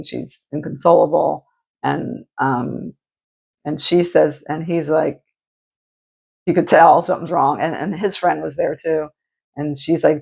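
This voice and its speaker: A woman's voice: low-pitched, creaky, a little mellow, muffled recording. A woman streamer in casual chat, retelling a true crime story in a rambling way with many restarts and fillers.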